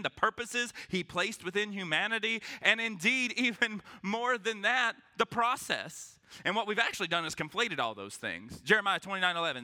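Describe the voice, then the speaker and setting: A male pastor preaches from a church stage with a high, very bright voice that swoops all over the place. He jokes with the room and acts out quick voices to make his points. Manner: animated, joking, acts out voices. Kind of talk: sermon. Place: church sanctuary with congregation.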